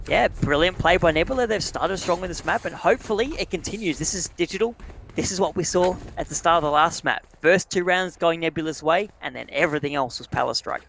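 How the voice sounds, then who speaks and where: Man, Australian accent, esports commentator, joking, gravelly voice. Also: fairly high pitch, a bit bright, slight background noise. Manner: joking, chatty play-by-play. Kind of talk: live game commentary.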